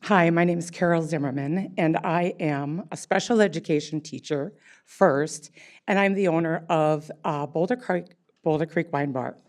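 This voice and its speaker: Woman in her sixties, lowish voice, unprepared public comment, lots of ums and restarts. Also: moderate pace, a little mellow. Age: 60s. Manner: rambling, many fillers and restarts. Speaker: wine bar owner speaking at public comment.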